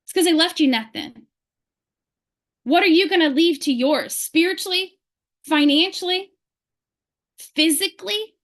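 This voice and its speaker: Woman, high voice, sales team leader; fervent motivational speech, rapid-fire questions, video-call mic. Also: fairly bright tone.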